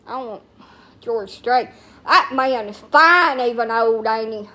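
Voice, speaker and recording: A woman's voice: a little high, slow, pushed and bright, slight background noise. A middle-aged woman chatting casually on a live stream, rambling and crude-mouthed.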